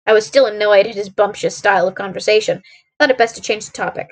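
A woman's voice: medium pitch, fast. A woman streamer reading a classic detective novel aloud, narrating steadily with a few small slips.

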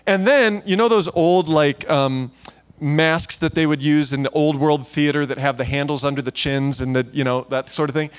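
This guest preacher has a fairly high, clear and resonant voice, keeping a steady tone and moderate pace. He shares stories at a church gathering in a loose, conversational sermon peppered with fillers and asides.

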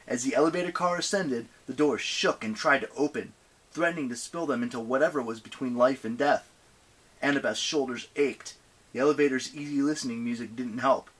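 A man narrating an audiobook with expressive reading. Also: medium pitch, a little fast, breathy edge.

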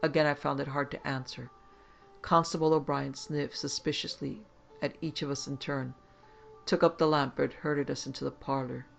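Horror narrator: man, raised pitch, gravelly texture, measured first-person storytelling. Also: level tone, fairly bright tone, faint music behind.

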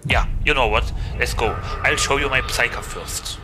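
His mid-range voice moves at a moderate pace with few pauses, heard over music on a low-quality recording. The German-accented VTuber streamer keeps his gaming chat with viewers loose and joking.

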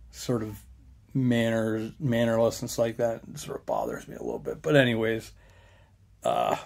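A man's voice: medium pitch, dark tone. A young man, rambling casually with many fillers as a local history vlogger. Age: young adult.

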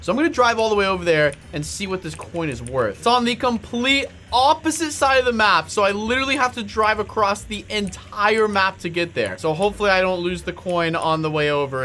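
A man hosting a gaming video, giving playful, excitable commentary as he plays. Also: high voice, brisk, hardly any pauses, soft background music. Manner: excitable, exclaims and laughs often.

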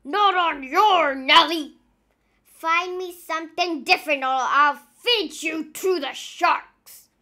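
A woman's voice: very high-pitched, slow, full character voice. A woman voicing a grumpy, bellowing male pirate captain in a children's storybook reading. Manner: roaring, blustering shouts.

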